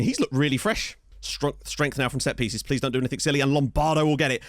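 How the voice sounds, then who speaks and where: A man running through a football management game at a quick clip. His pitch leaps up and down as he jokes around and yells when the big moments land. The recording is dry and close, with no room sound. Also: no echo. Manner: excitable, jokey, shouts at goals. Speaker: gaming YouTuber. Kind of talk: let's play commentary.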